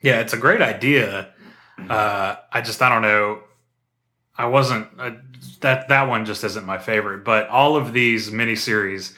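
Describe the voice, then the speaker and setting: A man on a casual podcast, talking with eager enthusiasm and frequent "um"s and restarts. His voice sits a little low yet comes across bright and forceful. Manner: enthusiastic, rambling with fillers. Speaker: podcast co-host. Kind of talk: casual chat.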